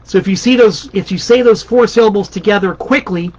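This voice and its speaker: Man, high voice, playful mock-pompous host, rambling asides, dull lo-fi webcam sound. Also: fairly quick, few pauses, a little mellow. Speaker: guest host of a band's live stream. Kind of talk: casual comic monologue. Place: home desk. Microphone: webcam on his desk.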